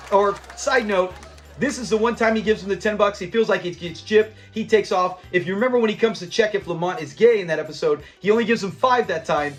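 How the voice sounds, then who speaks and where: A man hosting a show review channel, chatting casually as he retells a sitcom episode, quoting lines in character and laughing often. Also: high-pitched.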